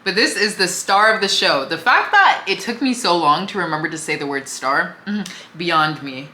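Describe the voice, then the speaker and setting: A young woman chats her way through a makeup routine in a casual, easygoing way. Her voice sits low but comes across bright and clear. The room around her is echoey, with a faint hum underneath. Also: lively intonation, moderate pace. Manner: chatty, talks while applying makeup, easygoing. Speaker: beauty vlogger. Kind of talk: casual makeup tutorial chat.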